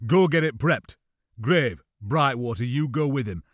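A man's voice: mid-range voice, lively intonation, unhurried, no echo, clean studio sound. A man voicing a bold, decisive male soldier who leads his group in a firm, commanding way.

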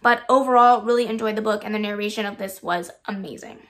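A woman's voice: medium pitch, fast talker, a bit bright. A woman book vlogger giving casual, enthusiastic audiobook recommendations, with frequent ums. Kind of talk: casual book review vlog.

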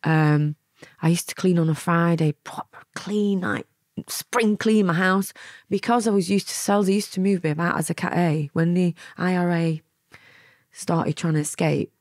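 A woman's voice: fairly low pitch, steady tone, moderate pace, darkish tone, no room sound. Lancashire woman in her fifties, interview guest, chatty storyteller who laughs and acts out what people said, dry close mic. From England.

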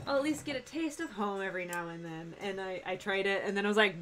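A woman's voice: mid-range voice, steady tone, fast, fairly bright tone. A young woman with a faint Texan accent chatting casually on a live stream while she sews, rambling and breaking off mid-sentence. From Texas. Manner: chatty, rambling, self-interrupting with laughs. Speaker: cosplay streamer.

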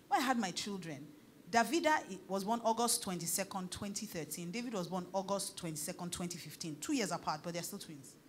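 A middle-aged Nigerian woman pastor preaching in a lively storytelling way, slipping into pidgin phrases and laughing often. Her voice sits at an ordinary pitch for a woman, with faint noise behind her. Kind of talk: sermon.

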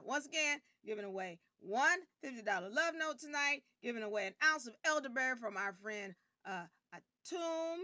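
Woman, livestream host, high bright voice, dry lo-fi sound. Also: no room sound. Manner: animated and emphatic, bursts into loud outbursts. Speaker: host of an online game show. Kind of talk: casual livestream hosting. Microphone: camera rig.

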